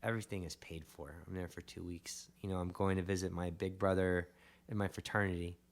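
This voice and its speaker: Male podcast guest, low register, rambling animated storyteller. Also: a little fast. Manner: animated, rambling, with emphatic bursts.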